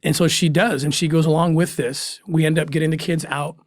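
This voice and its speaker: The speaker, a former special agent appearing as an interview guest, recounts past fieldwork with fairly even intonation and a voice a bit higher than most men's. His delivery is earnest and emotional, full of pauses and restarts. It's a dry, close recording with no surrounding room.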